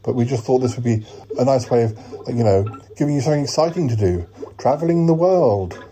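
A man's voice: mid-range voice, lively intonation, a little fast, dark tone, slight background noise. A man hosting a comedy podcast in an improvised sketch, hesitant and full of ums. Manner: hesitant, many ums and uhs. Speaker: podcast host.

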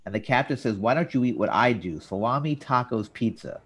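A man hosting a casual talk show, recapping scenes and jumping into quoted lines with an animated delivery. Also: fairly quick, husky. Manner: animated, jumps up in pitch for quoted characters. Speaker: podcast host.

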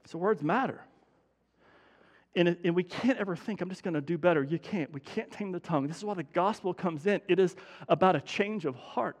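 A male pastor with a high voice delivers a conversational sermon and drives home his points by repeating them. His voice carries a long reverb from the church hall. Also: a little fast. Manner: conversational preaching with emphatic repetition.

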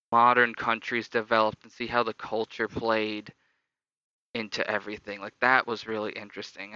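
A man's voice: on the low side, bright, forceful tone, smooth, dry recording. A young adult man casually telling stories about his upbringing, reflective and loosely rambling. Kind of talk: casual personal storytelling. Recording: slightly dull lo-fi dry recording.

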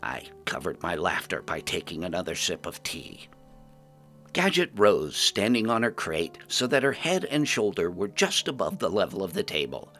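A male storyteller reads a fantasy tale with lively, expressive narration. His voice sits fairly low but swings widely in pitch. His tone is bright, with faint music behind him. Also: normal speed.

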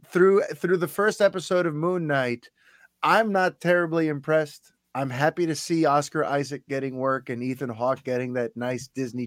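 A man co-hosting a podcast, talking casually with a slightly high voice. He gives candid, offhand opinions. The recording is dry, with no room sound. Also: dry recording. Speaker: podcast co-host. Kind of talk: casual chat.

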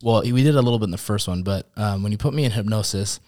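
A man's voice: lowish voice, a little mellow. A young man telling his own story openly on a podcast, earnest and a little emotional, often stopping and restarting. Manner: earnest, open, halting with restarts. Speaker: podcast guest. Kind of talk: candid personal conversation.

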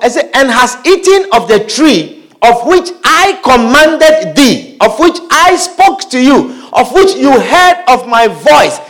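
A male preacher with a high, lively voice delivers a sermon. He reads scripture aloud and repeats his phrases for emphasis. He often stops to ask the congregation questions.

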